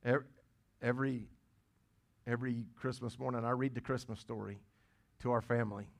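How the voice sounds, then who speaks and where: A middle-aged male pastor preaches in a plain, medium-pitched voice. He talks to the congregation conversationally and stumbles into restarts. He drives his points home by repeating phrases for emphasis. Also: steady tone, moderate pace, creaky. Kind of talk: sermon.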